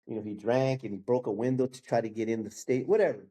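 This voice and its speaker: Mellow-voiced man telling his story. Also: medium pitch, fast. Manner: animated, acts out the people in his story, peppers talk with "bro" and "man". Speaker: guest sharing his testimony. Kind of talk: casual storytelling.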